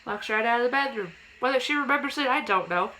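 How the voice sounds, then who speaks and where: Young woman, vlogger, casual ghost story, bright tone, slightly high voice. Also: fast talker, a little hiss or hum, low-quality recording. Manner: animated, acts out quotes in a raised childlike voice.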